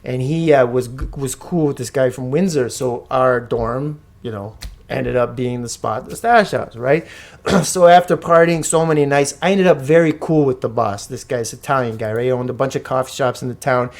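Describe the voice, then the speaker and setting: A man casually telling a wild story on a podcast, animated and slangy, with frequent swearing. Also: medium pitch, normal speed. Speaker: podcast guest or co-host.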